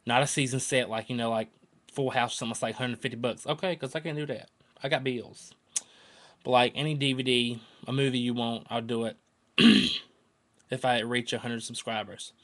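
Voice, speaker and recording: A man's voice: mid-range voice, fairly even intonation, moderate pace, fairly bright tone. Rambling Southern man vlogging. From North Carolina, US. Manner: rambling, earnest, emotional, repeats himself. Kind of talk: casual rambling vlog to camera.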